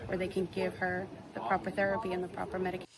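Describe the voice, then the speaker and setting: A woman's voice: on the low side, completely flat delivery, racing, a crowd in the background. A woman in a street interview, speaking with sympathy.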